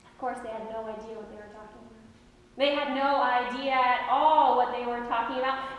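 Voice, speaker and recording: A woman pastor telling a Bible story in an animated sermon, acting out the voices of its people. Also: high voice. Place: large church sanctuary. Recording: echoey hall from far off.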